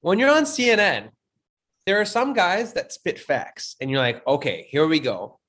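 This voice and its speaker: Man, podcast co-host, lively pitch, slightly high voice, slangy banter. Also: moderate pace. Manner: animated, laughing, slangy banter. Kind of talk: casual chat.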